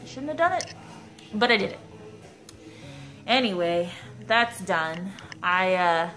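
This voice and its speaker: A woman's voice: fairly low pitch, fairly bright tone. A young woman vlogging at home, chatting casually in a rambling, self-mocking way. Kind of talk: casual vlog chat. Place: at home indoors.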